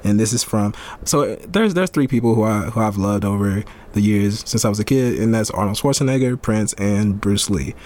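Laid-back joking podcast host, low voice. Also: male voice, normal speed, few pauses, a little mellow. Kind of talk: casual chat.

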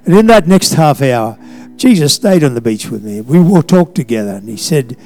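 Older man, pastor preaching a sermon, fairly high voice, faint music underneath. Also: lively intonation. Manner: swings from loud declarations to hushed, halting recollection.

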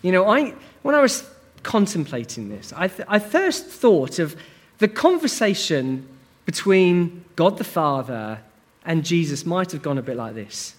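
A man preaching a sermon in an animated, conversational way, asking the congregation questions as he goes. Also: fairly high pitch, a little slow.

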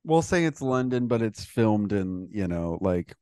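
A man's voice: lowish voice, sing-song, measured pace, warm tone, smooth, no room sound. A man casually riffing on a silly movie idea, laughing often and rambling loosely. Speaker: podcast co-host. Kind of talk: casual comedic brainstorming.

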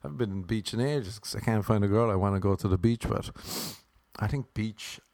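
A man's voice: on the low side, a little fast, vocal fry, a little mellow, dry recording, studio quality. A young man from Ireland with an Irish accent, riffing through a playful, rambling comic monologue that slips into crooned sing-song lines.

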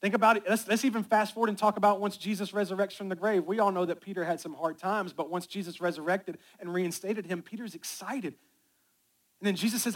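A middle-aged male pastor preaching a sermon, telling stories and building to loud, excited preaching. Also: sits high, fast talker.

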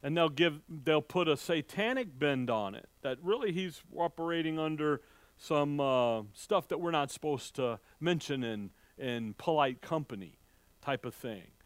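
A man giving a verse-by-verse sermon, his voice a touch high and his delivery slow and deliberate. He reads old scripture lines carefully, then lifts his voice to play the doubting townsfolk, often stopping to restart a thought. The sound is close and dry, with no room echo. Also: lively intonation. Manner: conversational, acts out the townspeople's voices with rising pitch; halting restarts, reads King James verses slowly. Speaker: pastor. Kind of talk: sermon, verse-by-verse Bible teaching.

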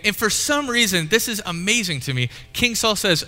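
Bright-voiced pastor preaching in a reverberant hall. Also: male voice, high voice, lively intonation, fast, few pauses. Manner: storytelling, acts out quotes playfully. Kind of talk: sermon with live demonstration.

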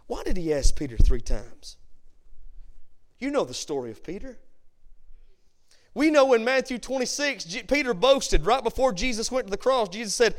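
High-voiced preaching pastor. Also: male voice, lively intonation, normal speed. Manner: preaching with sudden swings from hushed to loud; reads King James scripture aloud. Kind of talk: sermon. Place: church sanctuary.

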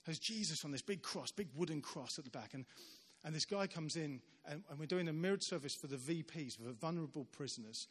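A man giving a sermon as a visiting preacher, telling stories in an animated way and acting out the voices of the people in them. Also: a little high, brisk, hardly any pauses, breathy edge. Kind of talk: sermon storytelling. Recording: long reverb of a large church hall.

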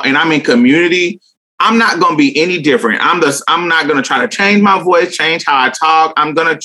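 A woman's voice: a bass voice, bright, forceful tone. A young woman talking candidly in an interview, blunt and emphatic, swearing freely and laughing often. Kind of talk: candid casual conversation.

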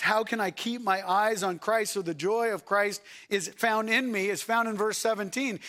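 A male pastor with a high-pitched voice preaches a sermon. He swings from loud, shouted passages down to soft, hushed lines and keeps asking the congregation questions. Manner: swings between shouting and soft, quiet delivery; asks the congregation rhetorical questions.

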